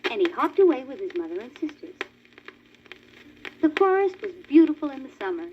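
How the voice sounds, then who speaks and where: A woman reading a children's storybook aloud as the narrator of a read-along record, in a clear, animated manner. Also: high-pitched, brisk, long pauses. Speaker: story reader. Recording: dull crackly old vinyl record.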